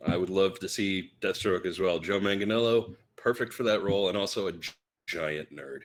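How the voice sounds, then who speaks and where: A low-voiced man co-hosting a casual podcast. He adds dry, joking remarks to the conversation. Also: moderate pace. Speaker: podcast co-host. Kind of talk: casual live-stream chat.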